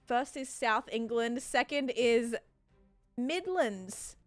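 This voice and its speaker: A woman's voice: on the high side, slow, no room sound. Chatty woman livestreamer, faint music behind. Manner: chatty, heavy use of "like", bursts of excited thanks. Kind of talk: casual chat while playing, answering viewers.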